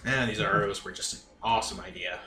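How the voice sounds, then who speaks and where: A man's voice: on the low side, fast, pushed and bright. A man playing a tabletop game, laid-back and joking. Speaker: player. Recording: roomy recording, faint hiss.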